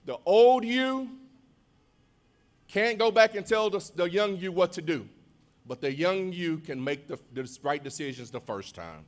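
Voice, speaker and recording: A man, a school principal, giving an animated, rousing graduation speech and leading the crowd in call-and-response. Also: high voice, measured pace. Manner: animated, rousing delivery with big swings in loudness.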